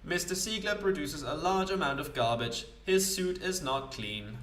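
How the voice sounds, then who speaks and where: A man's voice: a little high, animated, moderate pace, fairly bright tone, reverberant, distant mic, voice pushed up. A man voicing a fussy trash-collecting automaton that talks in a stiff, literal way. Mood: prim.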